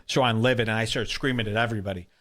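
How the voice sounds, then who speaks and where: A man hosting a talk show, telling a wild story in an excitable, profane way and acting out the quotes. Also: racing. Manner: excitable, profane, acts out quotes with big pitch jumps. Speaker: podcast host. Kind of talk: animated storytelling.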